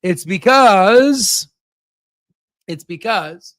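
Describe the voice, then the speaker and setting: A man hosts a casual stock investing livestream, joking and hyping with sudden shouted bursts and constant "right?" asides. His voice is high, his speed normal, and the recording dry.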